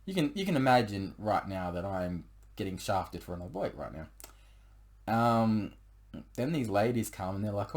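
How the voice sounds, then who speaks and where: Rambling young man, low voice. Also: very animated, moderate pace, a little mellow. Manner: rambling, with many fillers and restarts. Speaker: storyteller sharing a personal breakup story. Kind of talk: casual confessional storytelling.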